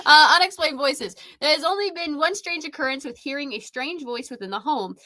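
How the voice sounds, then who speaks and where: A woman's voice: high voice, animated, moderate pace, sharp tone. A young woman co-hosting a paranormal show, reading a case file aloud in a playful, laughing way. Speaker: co-host, paranormal investigator.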